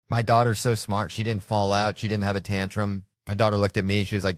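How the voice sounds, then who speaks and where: A man performing a stand-up comedy routine, telling animated stories and acting out his family members. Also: lowish voice, fairly quick, dry recording, studio quality.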